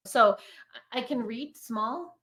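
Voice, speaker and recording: A woman's voice: on the high side, a bit bright. German-accented middle-aged woman, frank. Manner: frank, halting, restarts sentences. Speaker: podcast guest. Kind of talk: casual chat.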